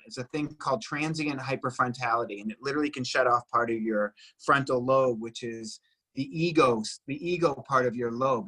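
A husky-voiced young man from Boston talks with a bright, forceful edge. He explains things earnestly and with energy, in the relaxed flow of a casual conversation. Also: mid-range voice, poor audio. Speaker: breathwork guide, former personal trainer.

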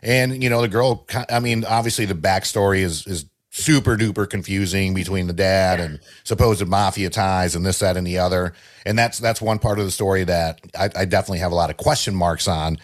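A man's voice: low-pitched, steady tone, brisk. A man co-hosting a podcast, chatting casually in a loose, rambling way full of fillers. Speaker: podcast co-host. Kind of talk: casual chat.

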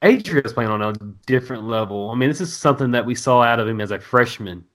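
A man's voice: medium pitch, expressive, fast talker, fairly bright tone. A man from South Arkansas with a Southern accent, co-hosting a sports podcast, joking and trash-talking playfully. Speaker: podcast co-host. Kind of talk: casual sports chat.

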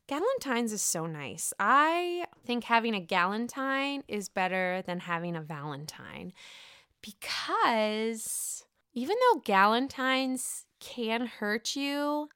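A woman's voice: on the high side, bright, forceful tone, clean tone, no room sound, clean studio sound. A young woman hosting a casual podcast, recapping a reality show in a chatty, gossipy way and swearing freely. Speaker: podcast host.

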